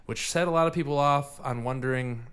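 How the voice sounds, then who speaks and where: A man's voice: medium pitch, a little fast, fairly bright tone, smooth. Chill guy hosting a podcast, easygoing, laughs a lot, talks sports and beer. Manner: laid-back, laughs often, rambling sports talk. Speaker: podcast host. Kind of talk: casual chat.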